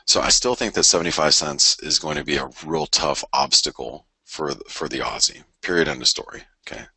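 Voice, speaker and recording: A man's voice: very deep voice, fairly quick, bright, forceful tone, husky, no room sound. A middle-aged man hosting a live trading show, talking casually and rambling with many stammered restarts as he thinks aloud. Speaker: forex trading show host. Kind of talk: casual live market commentary.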